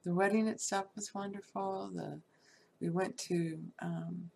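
A woman's voice: fairly low pitch, steady tone, measured pace, gravelly, dark tone, slight background noise. A middle-aged woman, candidly telling a personal life story in a casual, salty way, full of fillers.

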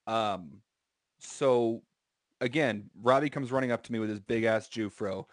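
A man co-hosting a podcast, telling a drawn-out high school story in a relaxed, rambling way with lots of fillers. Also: no echo, studio quality. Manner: drawn-out anecdotes with many fillers. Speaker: podcast co-host. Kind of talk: casual storytelling chat.

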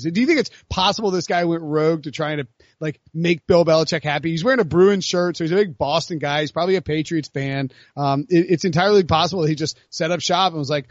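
Sports podcast host guy, kinda high voice, rambly and animated, dry muffled sound. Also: fast talker, no echo. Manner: animated, lots of filler words and restarts. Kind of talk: casual sports chat.

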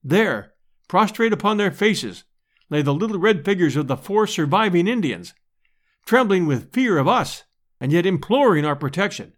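A man reading an adventure audiobook in a measured, expressive storytelling manner. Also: high-pitched. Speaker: audiobook narrator. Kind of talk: audiobook narration.

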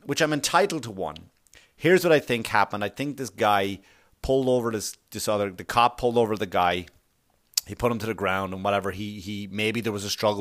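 Brief: a man in the middle pitch range hosting a podcast, ranting bluntly with plenty of swearing. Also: fairly bright tone. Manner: blunt, profane, opinionated ranting. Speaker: podcast host. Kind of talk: casual podcast monologue.

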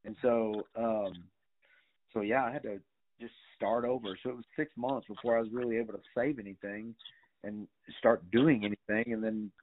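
A man's voice: fairly low pitch, fairly even intonation, normal speed, slight background noise. A middle-aged man telling stories casually as a guest, rambling with many fillers and some swearing. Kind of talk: casual storytelling. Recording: tinny phone-like sound.

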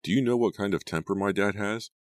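A frightened teenage boy with a short fuse, played by a man reading a storybook. The voice sits very deep and sounds strained and heated. It is recorded close and dry. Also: brisk, no echo. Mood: angry. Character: angry scared teenage boy, quick temper.

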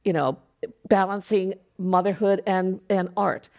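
A middle-aged woman who leads an arts organization, speaking on a panel in a measured, earnest way with frequent fillers. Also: medium pitch, steady tone, darkish tone. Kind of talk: panel discussion.

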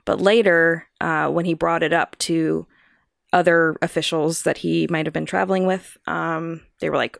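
A woman co-hosts a casual podcast, working through her prepared notes with a lowish voice full of gravelly fry. She laughs easily at her partner's jokes. The sound is dry and close. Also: steady tone, moderate pace, no room sound. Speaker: podcast co-host presenting the research. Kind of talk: casual chat reading from notes.

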